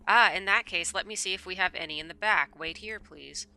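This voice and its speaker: A woman's voice: fairly low pitch, fairly quick, gravelly, sharp tone, smooth, full character voice, poor audio. A woman voicing a small, polite, middle-aged wine shopkeeper as she reads game dialogue aloud.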